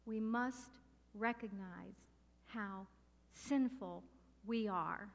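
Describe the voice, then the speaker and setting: A middle-aged woman preaching a sermon with passion and emphasis, slowing down to stress key words. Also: a little high. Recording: long hall reverb.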